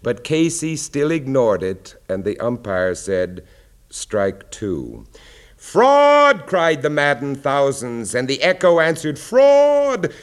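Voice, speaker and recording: A man recites verse at an unhurried, deliberate pace, letting his voice sink low and soft on the solemn lines. His pitch sits in an ordinary middle range, and the delivery is theatrical rather than conversational. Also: sing-song. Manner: measured, dropping low and quiet for weighty lines. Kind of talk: dramatic poetry recitation.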